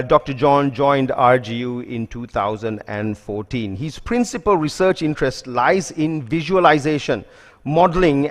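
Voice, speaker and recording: A man introducing a speaker as the event host, brisk and full of filler words. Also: on the high side. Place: lecture hall. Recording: reverberant hall.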